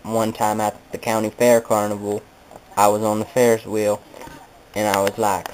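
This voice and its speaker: A man's voice: fairly low pitch, little pitch movement, measured pace, long pauses, a little mellow, slight background noise, low-quality recording. A man telling a rambling comedic monologue, meandering and correcting himself in a mock-nostalgic way. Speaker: comedic storyteller.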